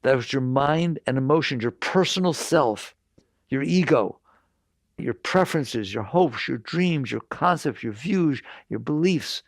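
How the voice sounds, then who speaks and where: Older male spiritual teacher, gravelly voice, insistent and direct, close dry sound. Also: medium pitch, lively intonation, unhurried, no room sound. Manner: direct, insistent, repeats points. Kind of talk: talk to an audience.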